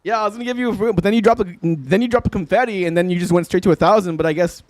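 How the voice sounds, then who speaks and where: A young man livestreams guitar from his home, racing through loose chat with viewers in a high-pitched voice, with no room sound. He laughs frequently and swears casually, keeping things laid-back.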